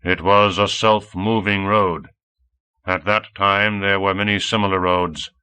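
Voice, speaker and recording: A man voicing an old male android robot who speaks in a droning monotone. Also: sits low, measured pace, clean tone.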